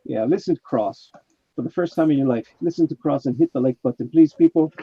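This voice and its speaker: A man's voice: a little high, fast talker, slightly rough, no echo. Chatty male live-stream host, muffled mic. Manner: reads chat messages aloud, chatty. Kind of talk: casual live-stream chat. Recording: muffled, dull mic sound.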